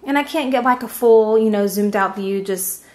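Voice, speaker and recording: With a medium pitch, moderate pace and darkish tone, this woman sounds reverberant. She's pregnant and casually vlogging in a small home nursery on a handheld camcorder, her talk peppered with ums and small laughs.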